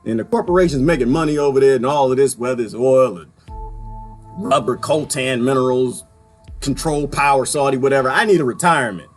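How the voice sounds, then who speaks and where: A man giving a ranting solo political commentary, sarcastic and animated, often jumping into high mocking voices. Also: a little fast. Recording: faint music behind.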